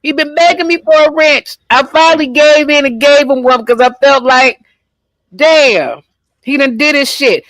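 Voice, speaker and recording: A stream host who is exasperated, sighing and slowly steering the panel back on track. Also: high-pitched, fairly bright tone, no room sound, rough recording. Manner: exasperated, drawn-out sighs. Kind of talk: live stream hosting.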